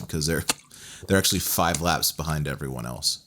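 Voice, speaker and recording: Co-host, young Texan man, very deep voice, chatty and rambling, laughs easily. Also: brisk, a little hiss or hum. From Texas. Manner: animated, laughing, rambling with many fillers. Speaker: podcast co-host. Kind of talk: casual chat.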